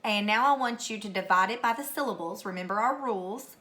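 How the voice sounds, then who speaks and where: A middle-aged woman teacher records a spelling lesson at home, patiently calling out words and spelling each one letter by letter. Her voice is medium-pitched, a little fast, and sharp in tone.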